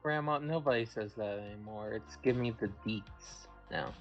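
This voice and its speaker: A man's voice: lowish voice, moderate pace. A man playing a character in a tabletop game, speaking hesitantly with many fillers. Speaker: player. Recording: dull lo-fi audio with faint music.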